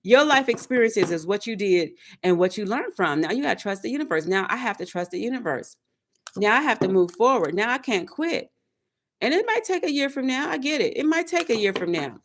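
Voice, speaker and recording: A woman's voice: on the high side, sing-song, fairly quick. Emphatic woman preaching motivational self-talk. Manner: preachy, emphatic, repetitive, speaks in affirmations. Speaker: tarot reader.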